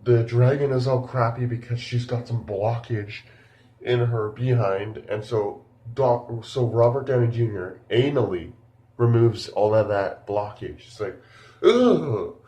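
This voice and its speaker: A man's voice: mid-range voice, fairly even intonation, unhurried, mellow, reverberant. A man giving a casual spoken film review, rambling and incredulous, full of fillers.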